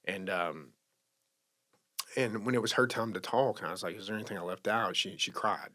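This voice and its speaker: Casting: man, drawl, lowish voice, halting heartfelt storyteller, repeats and restarts. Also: sharp tone. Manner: emotional, halting, many restarts. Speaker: podcast guest sharing recovery story. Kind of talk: casual storytelling.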